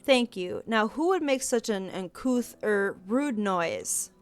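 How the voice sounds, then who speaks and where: A woman puts on a prim, scolding male teacher from a story game, slow and pompous in his lecturing. His voice swoops up and down as he talks down to his class, with faint music underneath. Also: fairly high pitch, lively intonation, clean tone. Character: stern pompous male schoolteacher.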